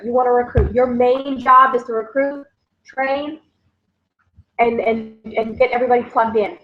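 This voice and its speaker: A fairly high-voiced woman, rallying her team with quick, repetitive pep talk. The sound is dull and lo-fi, like a home livestream. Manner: energetic, repetitive, keeps addressing listeners as "guys". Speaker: network marketing team leader. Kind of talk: motivational livestream recap.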